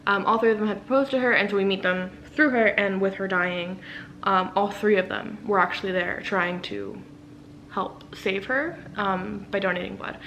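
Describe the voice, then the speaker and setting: A woman author talking casually to camera as she recaps a novel, rambling and enthusiastic, with plenty of fillers and the odd hushed aside. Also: mid-range voice, moderate pace, a little hiss or hum, low-quality recording. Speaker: author and book vlogger. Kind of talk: casual book summary chat.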